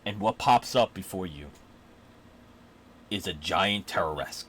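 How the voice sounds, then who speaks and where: A man's voice: low-pitched, expressive, fairly bright tone, husky. Hesitant man narrating as game master. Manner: halting, hesitant narration with fillers.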